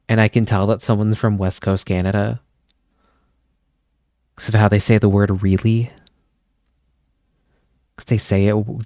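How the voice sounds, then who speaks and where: A man's voice: fairly low pitch, a little mellow, no echo, clean studio sound. A young man from Pennsylvania hosting a live stream, chatting casually with viewers in a rambling way and wandering off on tangents. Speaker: livestream host.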